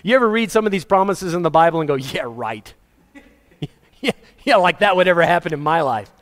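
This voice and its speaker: A male pastor with a slightly high voice delivers a conversational sermon, slipping into acted quotes and small chuckles. His words ring out with a long reverb, as in a church sanctuary. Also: quick pace.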